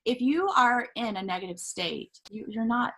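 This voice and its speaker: A middle-aged woman from Southern California, a life coach guest on an interview show, telling a personal story in an animated, casual way, laughing often and acting out what others said. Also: fairly high pitch, normal speed, poor audio.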